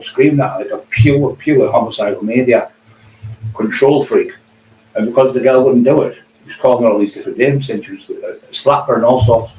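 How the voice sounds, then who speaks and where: A man's voice: mid-range voice, mellow. A middle-aged man in an angry, profane, taunting rant. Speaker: vlogger. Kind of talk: angry ranting monologue. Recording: echoey distant room, faint hum.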